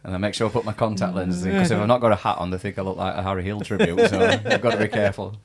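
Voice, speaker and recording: Barnsley man, low-pitched, self-mocking podcast host. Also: expressive, very fast. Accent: Barnsley, South Yorkshire. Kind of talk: casual interview.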